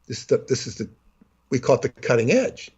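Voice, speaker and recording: A man's voice: mid-range voice, very animated, a little fast, a little mellow, husky, lo-fi sound. A man telling stories and talking astrology in casual chat, rambling with many restarts and breaking into character voices. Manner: rambling, full of fillers and restarts, acts out voices.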